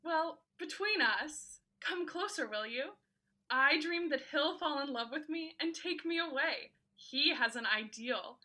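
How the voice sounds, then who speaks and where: A woman's voice: sits high, animated, measured pace, pushed and bright, full character voice. A woman acting a dreamy, lovestruck young maid confiding in an interviewer. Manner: confiding, coy.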